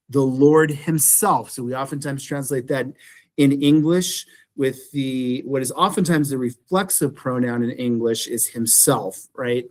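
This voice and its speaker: A man lecturing a beginning Greek class in a classroom. He explains step by step, restates his points and keeps checking that his students follow. His voice sits in an ordinary middle pitch. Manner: explanatory, repeats phrases, checks in with "right?". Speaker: Greek instructor.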